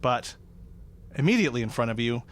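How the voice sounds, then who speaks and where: A man's voice: medium pitch, sing-song, fairly quick. A man narrating a tabletop game as dungeon master, in a loose, rambling way.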